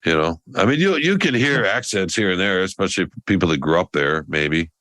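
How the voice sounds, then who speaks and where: A man's voice: sits low, lively intonation, a little fast, a bit bright, no echo. A man co-hosting a podcast, telling a long, rambling story in casual chat with many restarts. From American South. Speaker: podcast co-host.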